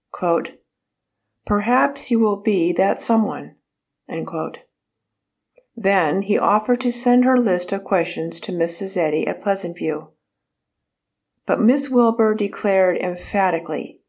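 A woman narrates a biographical book in a measured, careful reading voice. She takes her time over every phrase, and her voice sits a little low. She reads the quotation marks aloud.

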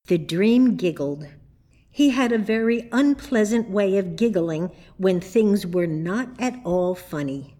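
A woman reading a children's storybook aloud in a calm narrating voice. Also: mid-range voice, slow pace.

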